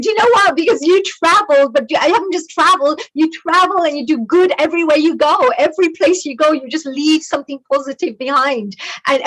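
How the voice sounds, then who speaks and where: A woman hosts an interview over a video call in a notably high voice. She gushes with praise, and her speech is loose and full of fillers. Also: fairly bright tone, poor audio. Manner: effusive, praising, many fillers. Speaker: host. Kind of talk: conversational interview.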